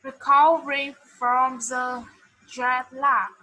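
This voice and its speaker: A woman learning English in a one-on-one lesson, answering hesitantly with many pauses and fillers. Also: sits high, little pitch movement, bright, forceful tone, poor audio. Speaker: English student.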